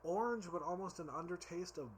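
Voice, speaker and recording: A man's voice: high voice, brisk, a little hiss or hum. A tipsy man rambling and giggling as he reviews drinks in a casual vlog, stumbling over his words.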